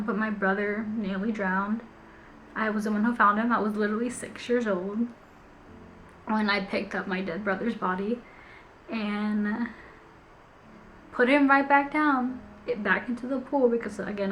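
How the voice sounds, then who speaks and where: A woman's voice: medium pitch, a little hiss or hum. Candid young woman vlogger, heartfelt. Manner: open, heartfelt, chatty with frequent laughs; slows and softens when emotional. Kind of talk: candid personal vlog.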